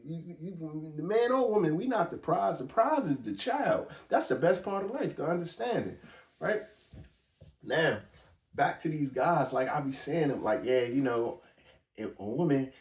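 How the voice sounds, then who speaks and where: A man's voice: fairly high pitch, a little mellow, recorded from a distance. Blunt man talking in an echoey room. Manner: blunt, emphatic street talk with frequent restarts. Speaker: podcast host. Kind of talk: casual commentary monologue.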